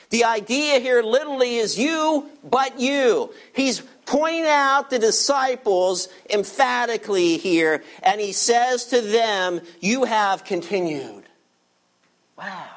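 A man preaching a sermon, directly addressing his listeners and stretching key words slowly for emphasis. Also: sits high. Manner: addresses listeners directly, asks them to turn pages. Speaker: pastor.

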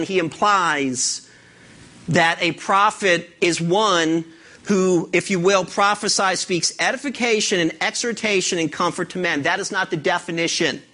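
A male pastor delivers a lively, conversational sermon with a high, bright, forceful voice. He keeps stepping into the voices of imagined listeners to make his point. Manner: animated, acts out imagined listeners.

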